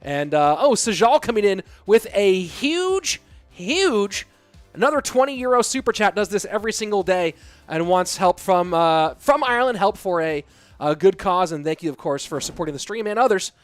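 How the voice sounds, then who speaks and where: A man casting live esports play-by-play, chatty and reading out viewer messages between plays, getting excited at big plays. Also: high-pitched, fairly quick, no echo, faint music behind. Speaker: esports caster and stream host. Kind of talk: live play-by-play game commentary.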